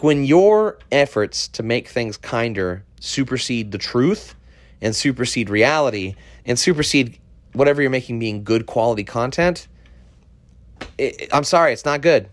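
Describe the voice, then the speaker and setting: A man's voice: mid-range voice, expressive, measured pace, long pauses, no room sound. Guy doing a solo podcast rant, annoyed and sweary, dry close mic. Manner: irritated, profane ranting. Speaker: podcast host.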